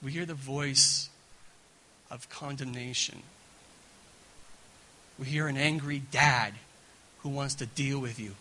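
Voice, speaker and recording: Male guest pastor, sermon, animated and conversational, bright edgy voice. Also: mid-range voice, measured pace, pauses often, rough recording. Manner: animated, repeats words, keeps asking "right?". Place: church gathering.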